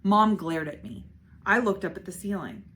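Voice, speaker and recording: A woman reads a children's chapter book aloud with a lively, expressive voice. Her pitch moves up and down freely as she tells the story. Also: moderate pace, slight background noise. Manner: expressive, shifting voices for characters. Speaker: school principal reading aloud.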